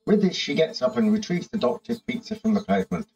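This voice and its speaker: A man's voice: high voice, lively intonation, fast, gravelly, darkish tone, highs cut off. A man casually commenting on a management game, thinking aloud with hums and fillers and reading the game's text aloud. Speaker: game streamer.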